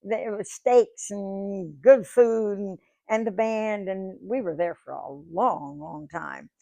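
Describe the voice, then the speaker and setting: Speaking slowly in a medium-pitched, gravelly, mellow voice, this nonagenarian singer and guest speaker spins folksy stories for a live crowd in a museum lecture room. She chats freely, repeating words and starting over often. There's no room sound, and the highs are cut off.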